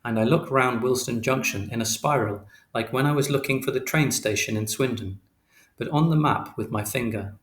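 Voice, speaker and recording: A man reading an audiobook aloud in a steady, literal, matter-of-fact way. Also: medium pitch, moderate pace. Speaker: audiobook narrator. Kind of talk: scripted narration. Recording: roomy echo.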